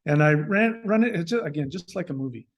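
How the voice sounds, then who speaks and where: This man, a guest on a podcast, tells a personal story casually at a quick pace and a fairly high pitch. He's animated, often restarts his sentences, and acts out snippets of dialogue.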